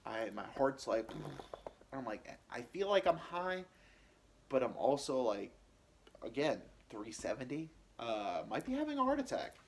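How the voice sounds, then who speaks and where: Man, rambling personal story, halting, lots of fillers and restarts, mid pitch. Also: sing-song. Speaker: podcast host telling his own story.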